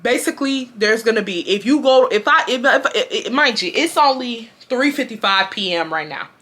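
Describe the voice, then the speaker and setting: A young woman, telling a storytime to her viewers in an animated, slangy way, full of asides and restarts. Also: on the high side, normal speed. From Houston, Texas. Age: 20s. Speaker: storytime vlogger. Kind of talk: casual storytime.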